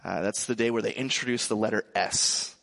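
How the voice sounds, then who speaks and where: A male pastor in his thirties giving a sermon, joking and telling a lively family story. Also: fairly low pitch, a little fast, vocal fry.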